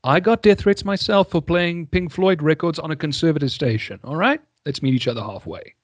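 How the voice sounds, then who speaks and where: A man's voice: a little high, fairly quick, no room sound. A man hosting a podcast interview, bantering in a theatrical, flirty way. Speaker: podcast host.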